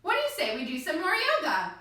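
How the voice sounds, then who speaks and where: Talking fast, a woman leads children through a pretend-play yoga class, her high, bright voice bouncing in lively, sing-song swoops full of playful encouragement. The room echoes heavily and she is heard from a distance.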